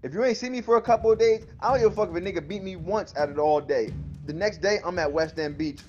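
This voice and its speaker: A man's voice: high-pitched, fast, a little mellow, highs cut off, soft background music. A man co-hosting a casual chat, boasting and trash talking with heavy profanity. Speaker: podcast co-host.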